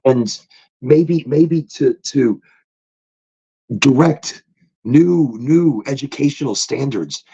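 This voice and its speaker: A man hosting a casual motivational podcast monologue, talking in a loose, animated way. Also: slow pace, long pauses, husky. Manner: animated, swoops into high excited tones when retelling stories. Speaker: podcast host. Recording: dull lo-fi recording.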